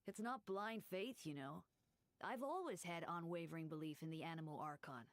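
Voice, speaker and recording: A devout, teasing game character, voiced by a woman, speaking in a lowish, dry, gently wry tone. Every line sounds calm and quietly amused. The recording is close and dry. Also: moderate pace, no room sound, natural voice.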